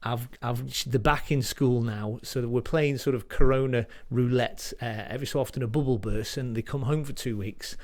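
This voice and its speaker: A man's voice: mid-range voice, normal speed, few pauses, a little mellow. A man, likely in his forties, performing a stand-up comedy set in a rambling, self-deprecating way, with many restarts.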